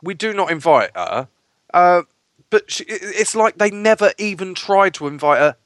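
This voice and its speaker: A man's voice: high voice, very animated, normal speed, fairly bright tone, no echo. A man co-hosting a casual podcast, bantering crudely and reading listener letters aloud.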